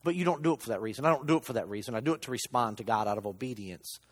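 A man preaching a sermon in a church, telling stories with lively, acted-out quotes. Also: mid-range voice, rapid-fire, in a large hall. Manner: animated storytelling, acts out quotes. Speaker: lay preacher.

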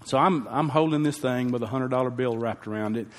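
A man's voice: medium pitch, brisk. A man, a pastor telling a heartfelt personal story in a folksy sermon. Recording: long hall reverb.

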